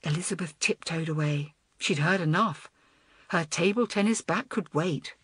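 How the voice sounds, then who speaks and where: A woman narrating a children's audiobook in an expressive, lively way. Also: on the low side, moderate pace, slightly rough, no room sound. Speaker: audiobook reader. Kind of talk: storybook narration.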